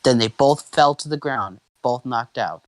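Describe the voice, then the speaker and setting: Stumbling over names and restarting lines, a young man casually reads fanfiction to his friends. He speaks at medium pitch and moderate pace, captured in a low-quality recording.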